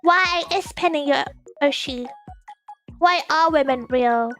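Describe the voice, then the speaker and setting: Very high, giggly woman streamer. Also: slow pace, a bit bright, soft background music. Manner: giggly and playful, bursts into squeals. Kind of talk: casual chat reading viewer comments.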